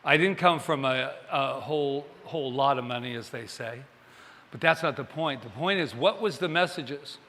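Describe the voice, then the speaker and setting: A man's voice: medium pitch, normal speed, pushed and bright, in a large hall, slight background noise. A male minister giving a Sunday sermon in a chatty way, joking with the congregation and asking them questions.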